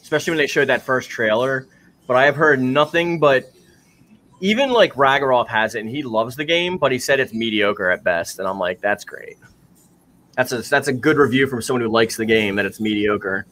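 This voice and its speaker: A young man from New York with a New York accent, chatting casually while reacting to a live stream, full of "like" and quick laughs. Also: mid-range voice, animated, fairly bright tone, slight background noise.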